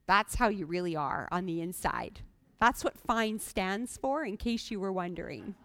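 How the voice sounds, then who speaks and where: A woman's voice: mid-range voice, expressive, moderate pace, fairly bright tone. A woman preaching a sermon, earnest and pleading, talking plainly to the congregation with sudden emphatic rises. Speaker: guest preacher.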